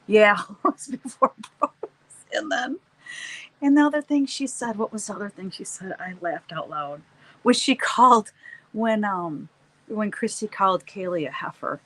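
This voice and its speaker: A woman's voice: mid-range voice, fairly bright tone, low-quality recording. Chatty laughing woman painting on stream. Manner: chatty, laughs often, trails off and restarts. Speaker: live-stream host. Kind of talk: casual chat while painting, reading live chat.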